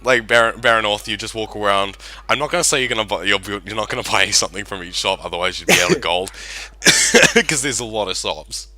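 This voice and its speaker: A man runs a tabletop game, narrating in a loose, rambling way. His voice sits fairly low yet sounds very bright and sharp. He laughs often as he talks. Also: brisk. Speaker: game master.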